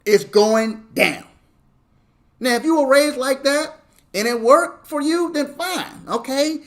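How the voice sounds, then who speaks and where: A man's voice: extremely high pitch, a little slow, fairly bright tone. A male pastor preaching in a conversational way, often checking in with the congregation and acting out parents and children. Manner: conversational, repeats "okay?" to the congregation; acts out parents and kids in quoted voices. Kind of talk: sermon.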